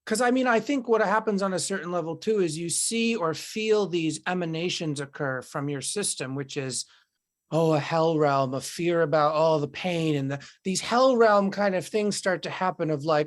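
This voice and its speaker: A woman's voice: lowish voice, moderate pace. A woman in casual podcast conversation, talking in a meandering, reflective way and acting out inner voices.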